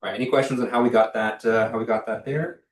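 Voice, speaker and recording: A man's voice: mid-range voice, steady tone, quick pace. Young guy teaching a class, laid-back, lots of ums, kinda far off the mic. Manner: casual, many fillers and restarts, checks for questions. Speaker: university lecturer. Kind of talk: classroom lecture. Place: lecture hall. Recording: echoey lecture hall, distant mic.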